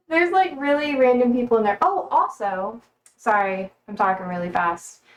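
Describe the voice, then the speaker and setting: A woman's voice: on the high side, animated, a little slow, low-quality recording. A young woman livestreaming from her kitchen, chatting casually and rambling between talk to her pets. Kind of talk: casual chat while cooking.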